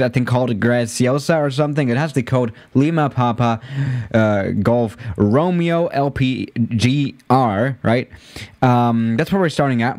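A man live-streaming a flight simulator, chatting casually with his viewers, often tripping over his words and laughing at himself. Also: mid-range voice. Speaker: livestreamer playing a flight simulator.

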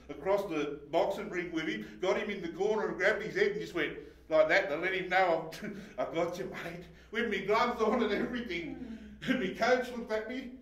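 A man preaching a personal sermon testimony, emotional and swinging between shouting and hushed talk, laughing often. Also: high-pitched, normal speed. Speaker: pastor. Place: church hall. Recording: echoey hall, voice heard from a distance.

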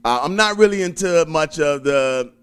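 A young man with a Southern accent from Alabama, a stand-up comedian chatting in an interview, laid-back and quick to chuckle. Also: on the high side, expressive, clean tone. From Birmingham, Alabama. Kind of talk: casual interview chat.

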